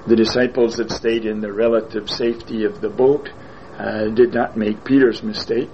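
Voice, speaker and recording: A man preaching a sermon in a slow, deliberate way, repeating his phrases for emphasis. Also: fairly low pitch, flat delivery, lo-fi sound, slight background noise.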